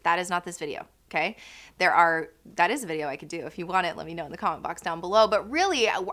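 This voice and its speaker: Casting: woman, 30s, friendly vlog host, bright tone, chatty and loose. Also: mid-range voice. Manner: chatty, filler-heavy, animated quoting. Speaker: channel host, postpartum educator. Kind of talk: casual educational vlog.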